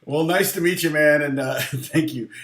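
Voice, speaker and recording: A man's voice: on the high side, moderate pace, fairly bright tone, roomy sound. A man teaching guitar on a casual live stream, chatting with viewers in a self-deprecating way and laughing often.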